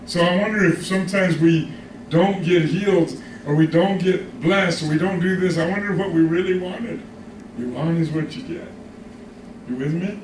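Male pastor, high voice, animated sermon delivery, recorded from afar in an echoey hall. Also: normal speed, distant mic, a little hiss or hum. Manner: animated, calls for congregation responses. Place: church hall.

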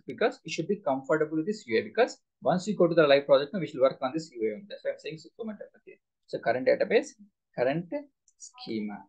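Man quizzing his class, gravelly voice. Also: fairly high pitch, highs cut off. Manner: quizzing students with repeated questions. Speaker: SQL instructor. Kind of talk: live online class teaching.

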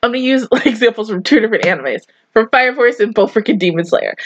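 A woman's voice: a little high, lively intonation, fast, highs cut off. A young woman hosting an anime reaction video, rambling emotionally and swearing a lot in casual commentary.

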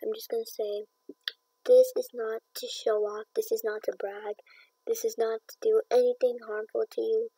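A young woman hosting a casual gaming vlog, talking softly and often half-whispering, with sudden bursts of excited squeals. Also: on the high side, measured pace, distant mic, slight background noise, rough recording. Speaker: gaming channel host.

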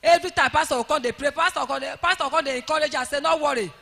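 A Nigerian woman giving an emotional church testimony, rising to shouts of praise. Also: high voice, very fast, vocal fry, long reverb tail.

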